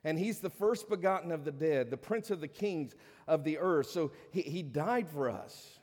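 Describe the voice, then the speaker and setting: A man pastor delivering a sermon, rising to emphatic peaks and dropping to hushed lines. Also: fairly high pitch, expressive, normal speed. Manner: preaching with swelling emphasis and hushed drops. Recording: long reverb of a large hall.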